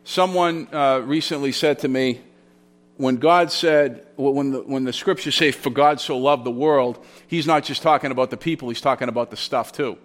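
A man's voice: mid-range voice, normal speed. Man preaching a teaching sermon. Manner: teaching, explaining Greek grammar with repeated phrases; conversational storytelling with restarts. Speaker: pastor. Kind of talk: expository sermon.

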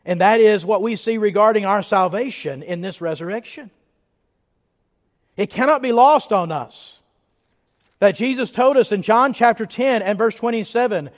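High-voiced emphatic preacher man. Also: moderate pace, long reverb tail, lo-fi sound. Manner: emphatic preaching, rising loud then dropping to hushed reflection. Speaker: pastor. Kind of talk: sermon.

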